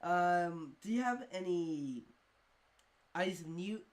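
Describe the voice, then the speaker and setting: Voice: medium pitch, expressive, slow pace. A plain-spoken tabletop game player. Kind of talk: casual tabletop play.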